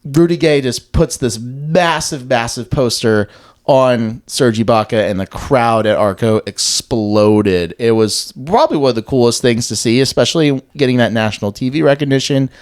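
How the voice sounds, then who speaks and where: A man's voice: mid-range voice, moderate pace. A man co-hosting a sports podcast, recalling games with enthusiastic storytelling. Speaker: podcast co-host. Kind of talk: casual sports chat.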